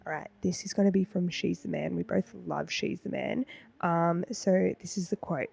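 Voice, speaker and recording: A woman's voice: lowish voice, normal speed, gravelly, a little mellow, breathy edge. A young woman in her twenties with an Australian accent, chatting playfully as a podcast co-host. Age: 20s. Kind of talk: casual chat.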